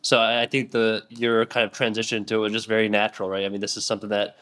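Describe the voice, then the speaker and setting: A man's voice: lowish voice, monotone, fast talker, fairly bright tone. A man co-hosting an interview podcast, affirming the guest and often ending his points with "right?". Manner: affirming, keeps asking "right?". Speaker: podcast co-host. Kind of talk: casual interview talk.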